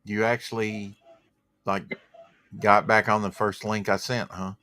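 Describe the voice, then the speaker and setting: Man, livestream host, lowish voice, dry close sound, rambling casual chat, reads comments aloud. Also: level tone, unhurried, pushed and bright, dry recording. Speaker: podcast host.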